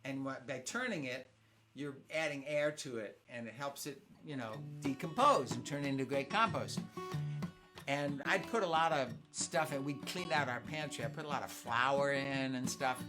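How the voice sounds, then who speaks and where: Over music, a man with a mid-range voice hosts a live family concert, chatting casually with his online audience at a moderate pace. He's playful, tells stories, and reads viewers' comments out loud.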